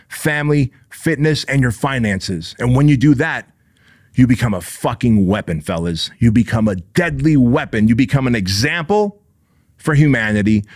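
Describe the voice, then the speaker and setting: A man gives a motivational monologue on his own show, speaking in short, punchy, repeated phrases and swearing now and then. His voice sits in an ordinary middle pitch. It is recorded close and dry, with no room sound. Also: expressive, moderate pace, dry recording. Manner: forceful, preachy, repetitive punchy phrasing, profane. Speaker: podcast host.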